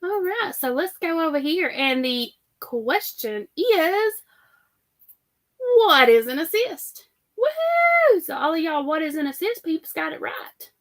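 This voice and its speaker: A woman's voice: sits high, lively intonation, a little slow, hardly any pauses. A middle-aged woman, chatting casually as a livestream host and reading out comments. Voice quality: chatty, rambling.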